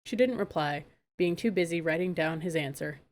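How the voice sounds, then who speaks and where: A woman narrating a fairy-tale audiobook in a calm, measured way. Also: on the low side. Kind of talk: storybook narration.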